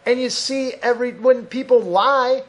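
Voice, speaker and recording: A man's voice: extremely high pitch, normal speed. A man hosting a solo podcast, ranting angrily and profanely, mocking other people in put-on voices, recorded on a desk mic at his computer. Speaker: podcast host.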